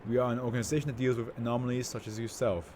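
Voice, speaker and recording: A man voicing a male researcher who asks plain, measured questions. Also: mid-range voice, flat delivery, darkish tone, slight background noise, natural voice. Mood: calm. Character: calm male researcher interviewing an anomaly.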